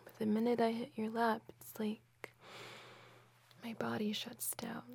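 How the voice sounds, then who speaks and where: A woman speaking softly and affectionately in a whispered role-play. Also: fairly high pitch, monotone, measured pace, creaky, slightly rough. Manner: soft and affectionate. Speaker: ASMR role-play partner.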